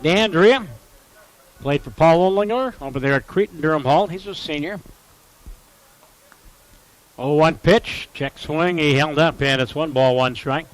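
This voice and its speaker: A man calling a college baseball game play-by-play, with a voice that sits a little higher than most. He runs through counts, lineups and sponsor reads in a steady, informative way. When the big plays come, his voice jumps up with excitement. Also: normal speed, rough recording. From Upper Midwest US. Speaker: play-by-play announcer.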